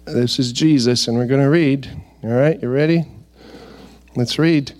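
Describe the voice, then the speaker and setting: A man's voice: medium pitch, measured pace, darkish tone. A man preaching a sermon and reading scripture aloud. He asks his listeners rhetorical questions.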